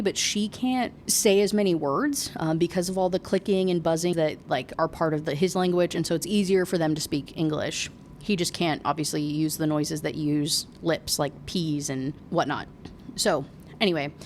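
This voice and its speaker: A woman book reviewer casually recapping and reading aloud from a novel, chatty and quick to laugh and swear. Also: fairly low pitch, slight background noise.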